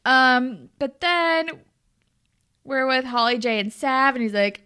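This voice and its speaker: A woman's voice: on the high side, unhurried, pushed and bright, clean tone. A woman co-hosting a casual chat show, animatedly retelling a TV episode and acting out the characters' lines. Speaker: podcast co-host recapping a TV episode.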